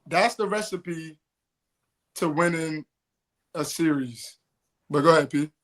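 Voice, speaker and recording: Hyped guy on a sports podcast, highish voice, keeps saying bro. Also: takes it slowly. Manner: animated, says "bro" a lot. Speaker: podcast co-host. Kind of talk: casual sports chat.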